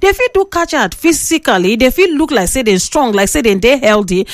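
A woman radio presenter speaking with a Nigerian Pidgin accent, lecturing listeners and bantering with callers in a lively, preachy way. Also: high voice, no room sound, clean studio sound. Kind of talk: call-in radio talk.

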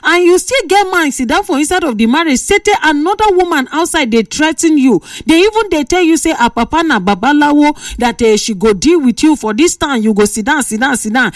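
A woman with a Nigerian accent hosting a call-in radio show, giving lively, scolding advice. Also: high-pitched, a little fast, hardly any pauses, no echo, clean studio sound, far from the mic. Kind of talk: call-in radio talk in Pidgin.

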